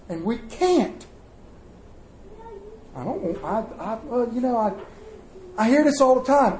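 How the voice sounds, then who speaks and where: A man preaches in a high, light voice, spinning folksy stories and slipping into the voices of their people. The sound rings around an echoey church room. It feels like a live sermon from the pulpit. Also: animated, moderate pace, darkish tone, slight background noise. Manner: folksy storytelling, acts out voices. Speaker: pastor.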